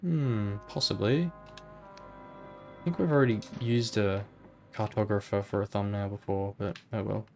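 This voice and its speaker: A man's voice: on the low side, moderate pace, creaky, long pauses, a little mellow, faint music behind. A man playing a video game and thinking aloud in a rambling, casual way. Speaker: gamer. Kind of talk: let's play commentary.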